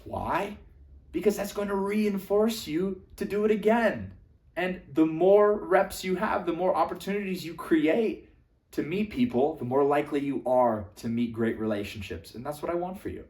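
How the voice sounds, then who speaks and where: A young man coaching on social skills, animated and casual, swinging between loud emphatic bursts and quiet asides, now and then swearing for emphasis. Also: a little high, normal speed. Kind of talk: energetic coaching monologue to camera. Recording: echoey room.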